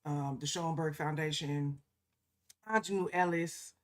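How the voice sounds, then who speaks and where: A woman's voice: sits low, fairly even intonation, unhurried. A woman co-hosting a podcast in casual, emphatic conversation, often punctuating her points with "okay?" and slipping into mocking quoted asides. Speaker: podcast co-host.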